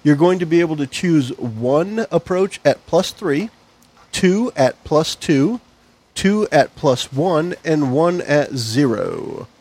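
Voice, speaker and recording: A man running a tabletop game as game master, explaining the rules in a measured way with some hesitant fillers. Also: on the high side, animated, darkish tone, breathy edge.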